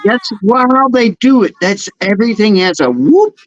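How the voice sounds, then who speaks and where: A man's voice: high-pitched, very animated, moderate pace, no echo, soft background music. A man from the American South with a Southern accent, chatting casually and laughing, saying "man" often. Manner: laid-back, laughing, says "man" a lot. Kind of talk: casual chat. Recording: dull, dry sound.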